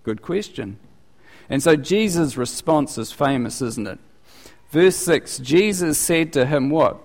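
Pastor preaching in an echoing hall. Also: male voice, unhurried. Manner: conversational, animated, rising in pitch for quoted questions. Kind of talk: sermon. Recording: long reverb of a large hall.

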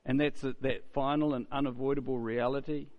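A man's voice: medium pitch, level tone, a little fast, narrow, tinny audio. A man preaching a sermon in a conversational way, often asking "isn't it?" and repeating words as he goes.

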